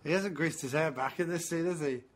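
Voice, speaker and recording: A man co-hosting a casual film commentary, telling absurd deadpan stories and giggling, from England. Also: a little high, brisk. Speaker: podcast co-host.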